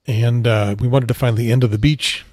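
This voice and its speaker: A man hosting a casual solo podcast, talking in a quiet, rambling way that often corrects itself. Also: mid-range voice, steady tone, normal speed, no echo. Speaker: podcast host. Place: outdoors on a beach trip.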